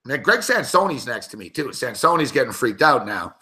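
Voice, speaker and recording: A man's voice: medium pitch, sing-song, a little fast, bright, forceful tone. A man on a sports betting show telling a heated story in casual, profanity-heavy talk.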